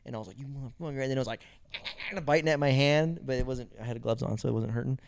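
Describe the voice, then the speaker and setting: A young man chats on a podcast, animated and profane, laughing through his stories. His voice has a gravelly grain and sits close to the mic in a dry room. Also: mid-range voice, fast, no room sound. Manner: animated storyteller, swears, laughs often. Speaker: podcast co-host. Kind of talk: casual chat.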